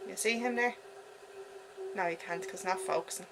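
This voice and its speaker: A woman's voice: mid-range voice, normal speed, vocal fry, heavy background noise. A young Irish woman giving a casual makeup tutorial at home, chatty and giddy, talking to herself as she works. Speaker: beauty vlogger.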